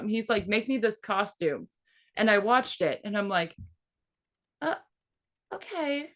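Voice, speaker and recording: A woman in her thirties casually telling a story, swearing freely and putting on a high voice when she quotes someone. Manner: profane, animated, quotes her son in a high voice.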